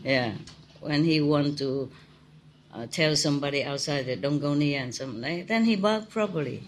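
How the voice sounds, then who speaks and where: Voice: mid-range voice, moderate pace, a little hiss or hum, low-quality recording. A spiritual teacher giving an informal talk full of anecdotes, in simple non-native English phrasing, often laughing and repeating words.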